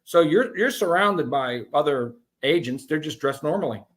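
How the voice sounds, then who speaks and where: A man telling his own story as an interview guest, animated and profane, with many restarts. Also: fairly high pitch, normal speed.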